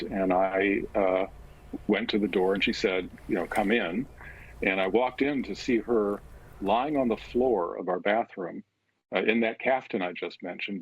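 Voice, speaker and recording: Low gravelly man, halting and reflective. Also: dull audio. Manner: halting and reflective, with frequent pauses. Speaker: guest author. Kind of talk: personal interview account.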